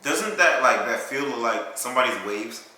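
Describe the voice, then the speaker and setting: A man's voice: mid-range voice, lively intonation, normal speed, bright, forceful tone. A young man hosting his own reaction vlog, rambling and joking with plenty of swearing. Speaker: YouTube reaction host. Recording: very echoey room with music behind.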